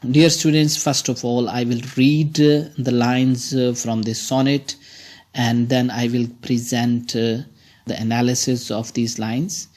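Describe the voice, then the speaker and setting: A male teacher explains a poem to his students. He speaks very slowly and haltingly, pausing often between phrases. His voice sits at an ordinary middle pitch. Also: little pitch movement, a little mellow. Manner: slow, halting delivery with frequent pauses.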